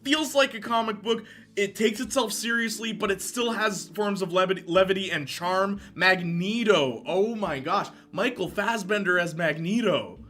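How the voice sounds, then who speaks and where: A young man streaming casual commentary, animated, laughing often and answering chat. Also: high voice, moderate pace.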